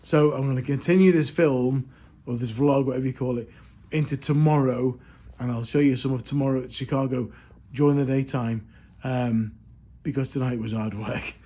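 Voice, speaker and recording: A man's voice: mid-range voice, steady tone, normal speed, few pauses. A man in a casual travel vlog, talking in a chatty, jokey, self-deprecating way, sounding tired. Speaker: vlogger. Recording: loud street and crowd noise.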